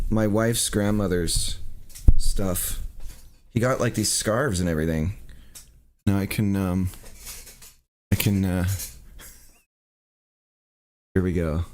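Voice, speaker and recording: A man in his thirties, chatting casually and joking as he streams a game. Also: lowish voice. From United States. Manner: chatty, jokey, laughs often. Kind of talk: casual gameplay commentary.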